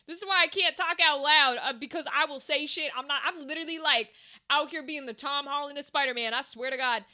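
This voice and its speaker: Chatty high-pitched woman streamer. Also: a little fast, sharp tone. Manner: rambling, chatty, reads chat aloud, swears casually. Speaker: livestreamer. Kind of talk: casual chat with chat.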